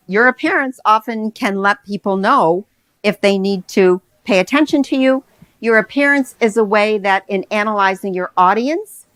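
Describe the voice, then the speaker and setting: A woman's voice: mid-range voice, no echo. Woman leading a speaking workshop. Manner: warm conversational teaching, rhetorical questions to the audience. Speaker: workshop presenter. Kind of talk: live workshop talk on public speaking. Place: conference room with a live audience.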